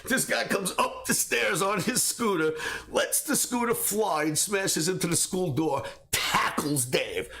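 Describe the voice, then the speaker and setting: A man hosting a trading show, telling a personal story in a casual, animated way and laughing between beats. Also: high-pitched, measured pace, creaky. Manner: animated, laughs through his own stories. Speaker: trading academy host.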